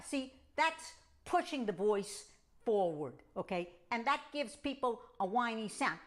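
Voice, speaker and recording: Lively higher-pitched lady voice teacher, walks you through hums and scales. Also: moderate pace. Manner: instructive, demonstrates hums and scales. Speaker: vocal coach. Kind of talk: singing lesson demonstration.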